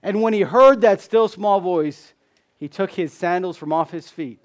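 A man preaching a sermon, asking rhetorical questions, repeating key phrases, and dropping from loud emphasis to hushed tones. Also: sits high, measured pace. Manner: swings between loud emphasis and hushed drops.

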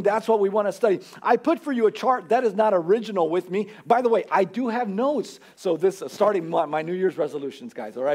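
Male pastor, higher-pitched voice, conversational sermon delivery that builds in emphasis. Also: a little mellow. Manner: earnest, conversational preaching with rising emphasis. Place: church.

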